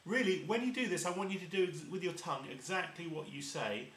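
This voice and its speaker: A man's voice: a little high, fast, fairly bright tone, far from the mic, slight background noise. A man teaching harmonica step by step, patiently explaining and demonstrating each sound. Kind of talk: step-by-step instrument lesson. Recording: roomy echo.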